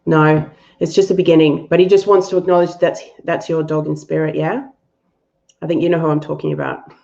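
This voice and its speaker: A woman's voice: deep voice, little pitch movement, brisk, vocal fry, mellow, highs cut off. A woman hosting a live-stream animal reading and answering viewers, affectionate and thinking aloud with fillers.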